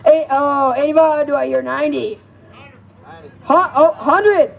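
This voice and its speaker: A man's voice: very high-pitched, unhurried, gravelly, highs cut off. A man calling bids at a live auction, coaxing and pleading with the crowd and repeating each price. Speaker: amateur auctioneer.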